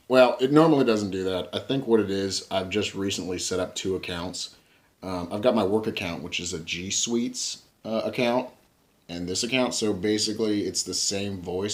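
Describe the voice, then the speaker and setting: Male tech vlogger, lower pitch, loose rambling delivery with laughs. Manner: rambling, chuckling, lots of fillers. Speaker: tech reviewer. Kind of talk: casual product review. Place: at home.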